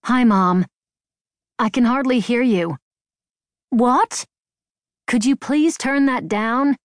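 A woman voicing a worried, practical adult daughter pleading with her mother in an audiobook, a little higher than her narration. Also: moderate pace, a little mellow, no room sound, clean studio sound, lightly acted.

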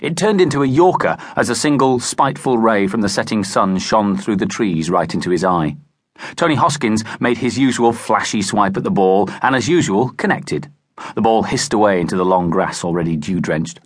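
Man, audiobook narrator, expressive, lively intonation, dry booth recording. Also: fairly low pitch, normal speed, no room sound. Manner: expressive, animated storytelling. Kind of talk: scripted narration. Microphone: close studio mic.

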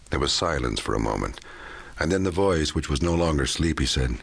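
A male audiobook narrator with an extremely deep, husky voice. He reads in a measured, even storytelling manner. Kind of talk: scripted narration.

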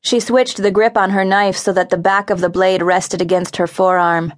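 A woman narrating a young-adult adventure audiobook, vivid and expressive in her reading. Her voice sits at an ordinary middle pitch. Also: moderate pace. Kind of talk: scripted narration.

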